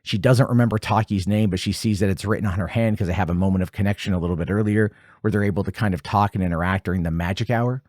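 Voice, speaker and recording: Animated man in his forties, low voice. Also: quick pace, hardly any pauses, no room sound, clean studio sound. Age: 40s. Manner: animated, jumps high in pitch when excited. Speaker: podcast host. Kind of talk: casual film commentary.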